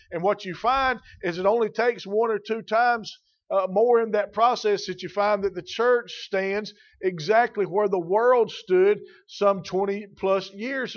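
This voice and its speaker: A man's voice: high voice, lo-fi sound. A man preaching a sermon as pastor, emphatic and repeating key phrases for weight.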